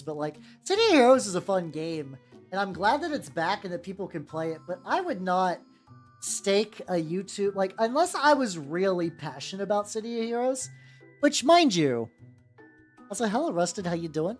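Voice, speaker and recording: A young American VTuber paints miniatures live and chats casually in a medium-pitched voice with big pitch swings and a moderate pace. She rambles with frequent restarts, fillers and casual swearing, and faint music plays in the background.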